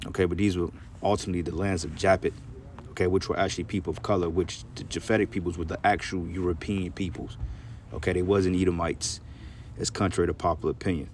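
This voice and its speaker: A man's voice: low voice, fairly even intonation, fast, a little mellow, slight background noise. A man in his thirties giving casual, rambling bible prophecy teaching, reading scripture aloud and cursing now and then.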